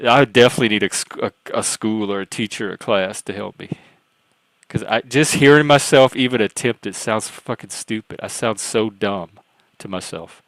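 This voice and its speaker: A man's voice: on the low side, normal speed, a bit bright, dry recording. A man with a Southern US accent, a Louisiana, Cajun and Texas blend, hosting a livestream in rambling, self-deprecating casual chat. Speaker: livestream host.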